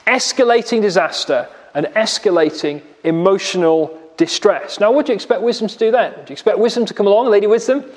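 High-voiced preacher in a reverberant church. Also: male voice, quick pace, few pauses. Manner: expository, rhetorical questions, vivid retelling. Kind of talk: sermon.

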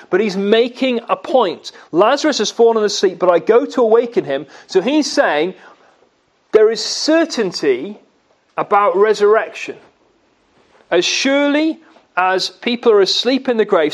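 A man preaching a sermon, asking his listeners questions and answering them himself, and slowing down to stress key words. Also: high voice, animated. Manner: slow, emphatic delivery on key words.

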